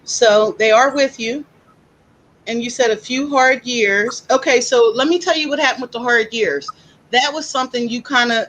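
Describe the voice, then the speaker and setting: High, chatty woman psychic. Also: poor audio. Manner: chatty, animated storytelling. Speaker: psychic reader, co-host. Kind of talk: casual live-stream reading.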